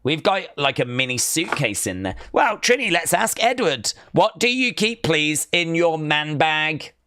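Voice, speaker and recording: A man's voice: fairly high pitch, very animated, a little slow, bright, forceful tone, dry recording, studio quality. A British man hosting a live stream, reading out viewer comments and bantering with them in a teasing, mock-outraged way. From Britain. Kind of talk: casual watch-along chat reading viewer comments.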